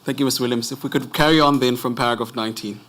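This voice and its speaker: A South African man questioning a witness at a formal inquiry, polite and measured. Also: mid-range voice, fairly even intonation, a bit bright. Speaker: advocate leading evidence.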